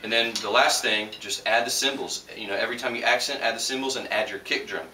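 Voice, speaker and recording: A man's voice: mid-range voice, fast talker. A young man teaching a casual drum lesson in a loose, chatty way, with fillers and restarts. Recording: roomy echo, distant mic, noisy.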